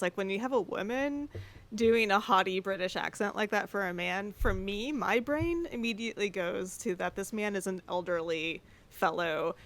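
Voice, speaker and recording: A woman co-hosting a book podcast, telling opinionated stories in casual chat. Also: medium pitch. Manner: animated, opinionated storytelling. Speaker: podcast co-host.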